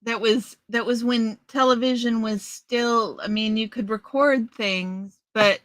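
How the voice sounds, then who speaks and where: A woman's voice: fairly high pitch, steady tone, no echo. A middle-aged woman hosting a live stream, chatting casually and rambling as she answers viewers. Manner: chatty, slow, rambling with restarts.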